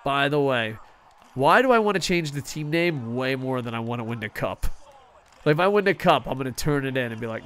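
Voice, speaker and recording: A man casually commenting over a hockey video game, excitable, swearing often and talking to himself. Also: medium pitch, a little fast, slight background noise. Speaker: gaming streamer.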